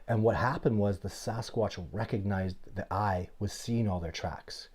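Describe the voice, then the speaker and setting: A middle-aged man hosting a casual live Q&A, telling stories in an animated, blunt, plainspoken way. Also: fairly low pitch, measured pace, breathy edge. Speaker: host of a livestream Q&A.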